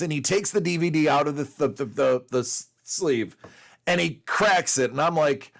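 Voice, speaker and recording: A man's voice: a little high, moderate pace, vocal fry, fairly bright tone. A man in his forties, host of a collecting show, telling a rambling story in casual chat with lots of fillers.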